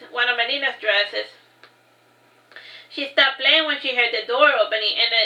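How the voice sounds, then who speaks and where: High bright woman reading her novel. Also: highs cut off. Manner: reads with frequent self-corrections and chatty asides. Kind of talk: casual audiobook reading. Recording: roomy echo.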